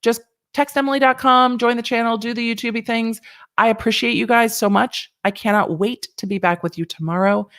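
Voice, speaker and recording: A woman's voice: a little high, steady tone, fairly quick, a bit bright. A woman lawyer hosting a casual livestream and chatting with viewers in a rambling, playful way.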